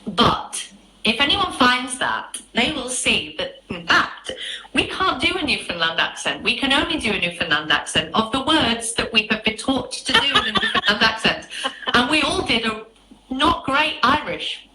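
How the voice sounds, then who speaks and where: A woman who is a stage actress, chatting casually as a guest and telling animated stories with frequent laughter. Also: on the high side, moderate pace, echoey room, background noise. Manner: animated storyteller, laughs often. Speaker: West End actress, guest. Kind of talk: casual chat.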